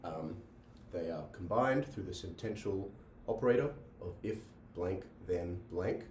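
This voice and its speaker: A man's voice: sits low, expressive, measured pace, a little mellow, slight background noise. A man giving a logic lecture in a classroom, often restarting phrases and checking in with "right?". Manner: repeats himself, checks in with "right?". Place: classroom with a board. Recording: echoey room, mic at a distance.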